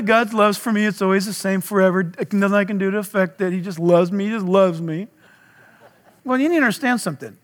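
High-voiced man preaching in a hall. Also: bright, forceful tone. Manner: emphatic, asks the audience rhetorical questions. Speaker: pastor. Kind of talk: sermon. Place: church service.

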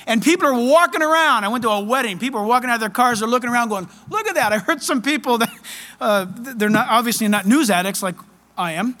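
A man preaching a sermon as pastor, fervent, loud and excited. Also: extremely high pitch, big-room sound.

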